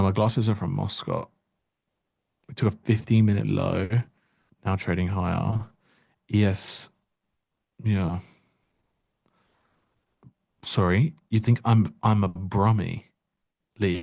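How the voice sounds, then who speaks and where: A man's voice: lowish voice, slow pace, creaky, long pauses, darkish tone, no room sound. A man giving casual live-stream trading commentary, joking wryly and answering chat aloud into a close mic.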